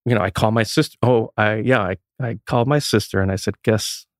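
A man, a guest musician, telling a story in casual chat, animated and acting out what others said. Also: lowish voice, fast talker, dry recording, clean studio sound. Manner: animated, acts out quoted people, swears casually.

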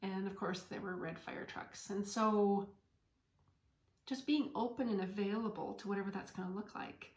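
A woman talks gently in a spiritual podcast monologue and at times sinks into a soft whisper. Her voice sits in a middle pitch. The room around her sounds roomy, with an audible echo. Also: steady tone, normal speed. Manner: gentle, storytelling, drops to whispers. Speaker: podcast host and medium.

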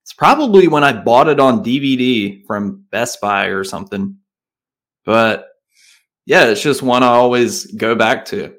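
A man's voice: mid-range voice, animated, measured pace, fairly bright tone. A man with a Southern accent, co-hosting a podcast in a laid-back, rambling casual chat. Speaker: podcast co-host.

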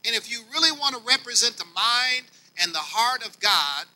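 Male pastor, older, folksy sermon delivery with a high, very bright tone. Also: big pitch swings, normal speed, rough recording. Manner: preaching with swings between soft and loud; folksy, talks directly to the congregation.

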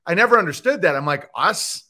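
A man, a comedian guest on a podcast, ranting in a profane, animated way and slipping into mocking voices. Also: high voice, normal speed. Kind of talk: animated podcast chat with comic bits.

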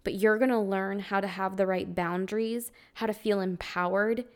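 A woman's voice: mid-range voice, steady tone, normal speed. Earnest young woman hosting a spiritual podcast. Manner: earnest, conversational, heavy use of "like", occasional swearing. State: emotional, close to tears. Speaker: podcast host. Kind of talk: casual spiritual podcast monologue.

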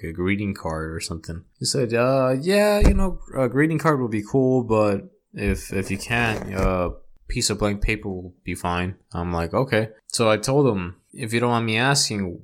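A young man co-hosting a casual podcast, telling a story in a relaxed way with lots of like and you know. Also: fairly low pitch. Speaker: podcast co-host. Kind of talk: casual chat.

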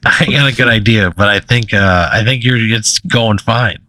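A man in casual comedy podcast chat, laid-back with quick reactive asides. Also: on the low side, pushed and bright, no echo. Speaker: podcast co-host.

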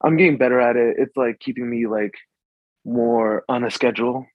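A young man from the Washington, DC suburbs talks in loose, halting bursts, packing his sentences with fillers and restarts. His voice sits at a middling pitch. The recording is dry and slightly muffled, with a lo-fi dullness. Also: fairly even intonation, no echo. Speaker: guest. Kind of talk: casual conversation.

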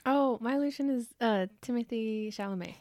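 A woman's voice: fairly high pitch, normal speed, darkish tone, no echo. A young woman co-hosting a podcast, chatting eagerly, gasping and laughing as she shares her picks. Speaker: podcast co-host. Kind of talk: casual chat.

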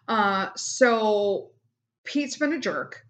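A middle-aged woman hosts a casual solo podcast, venting bluntly and swearing a lot about her family and frustrations. Her voice is medium-pitched, expressive and a bit bright, at normal speed.

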